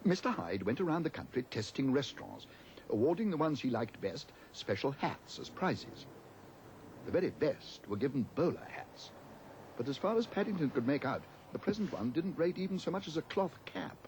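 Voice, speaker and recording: A man reading a children's storybook aloud as narrator, gentle and expressive. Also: a little high, moderate pace, slight background noise.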